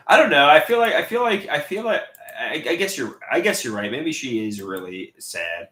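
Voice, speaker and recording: A man live streaming and reading viewer comments aloud, talking in halting, repetitive bursts with many restarts. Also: on the high side, lively intonation, bright, forceful tone, echoey room. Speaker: livestreamer.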